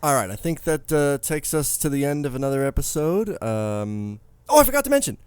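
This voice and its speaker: A man's voice: on the high side, big pitch swings, fairly quick, smooth, no echo. A man in his thirties co-hosting a podcast in casual, joking, rambling chat. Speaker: podcast co-host.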